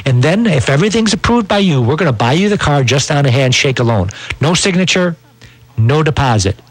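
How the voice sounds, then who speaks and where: A man giving a folksy, persuasive sales pitch as a used car dealer on a local TV show. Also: expressive, no room sound, poor audio. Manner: fast, folksy, persuasive delivery.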